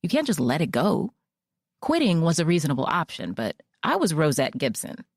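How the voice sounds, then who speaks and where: A woman narrating a mystery audiobook in the first person, with measured storytelling. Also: deep voice, wildly swooping pitch, dry recording, studio quality.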